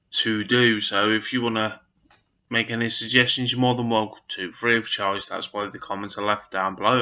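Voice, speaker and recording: A man's voice: lowish voice, sharp tone, lo-fi sound. A man, vlogging in a chatty, rambling, earnest way to camera. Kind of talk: casual chat to camera.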